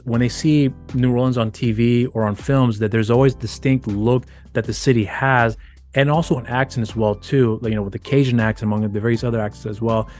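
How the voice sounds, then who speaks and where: Fast-talking man rambling through a film review. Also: mid-range voice, darkish tone. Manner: rambling, with frequent restarts and filler words. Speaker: film reviewer, channel host. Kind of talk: casual movie review monologue.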